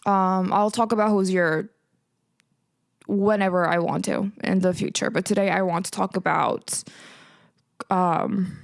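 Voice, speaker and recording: A woman's voice: mid-range voice, fairly even intonation, measured pace, vocal fry, long pauses, no echo. A thirty-year-old woman hosting her own podcast, rambling emotionally and close to tears, swearing and filling gaps with "um" and "like". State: teary, close to crying. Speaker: podcast host. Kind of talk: casual solo podcast chat.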